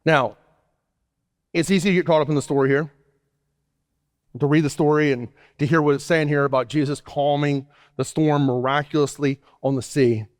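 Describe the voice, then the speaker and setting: A man's voice: on the high side, steady tone, normal speed, long pauses. A man preaching an emphatic sermon as pastor, his pace often shifting. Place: church sanctuary. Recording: church hall reverb.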